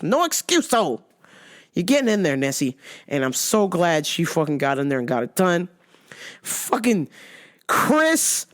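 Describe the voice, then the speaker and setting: A woman hosting her own show, recapping events in a casual, profane, animated way. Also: lowish voice. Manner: animated, swears constantly, laughs often. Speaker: show host.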